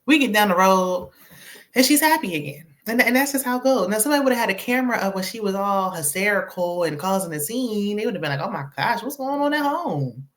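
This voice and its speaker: A woman's voice: mid-range voice, fast. A young adult woman hosting a casual commentary show, opinionated and chatty, laughing often. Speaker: host.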